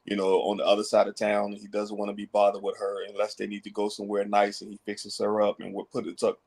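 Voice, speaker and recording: A man's voice: on the low side, completely flat delivery, quick pace, creaky, a little mellow. A man co-hosting a reality TV recap, blunt and colorful in his commentary. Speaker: co-host.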